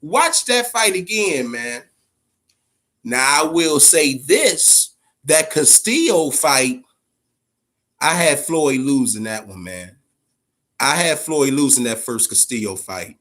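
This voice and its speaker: Slow and mid-pitched, this boxing channel host talks casually on a live stream. His speech is lively and full of swearing, with "man" tacked onto almost every phrase.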